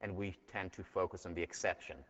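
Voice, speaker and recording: A man's voice: deep voice, little pitch movement, fast, fairly bright tone. A man giving a university lecture and telling stories in an earnest way, heard in a dull recording from a large lecture hall. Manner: earnest, storytelling.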